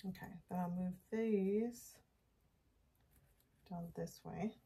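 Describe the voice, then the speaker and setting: A woman narrating a casual home crafting vlog, thinking aloud as she works and keeping her voice hushed so a napping child won't wake. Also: on the low side, slow, very noisy. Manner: thinking aloud while working with her hands. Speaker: home decor vlogger.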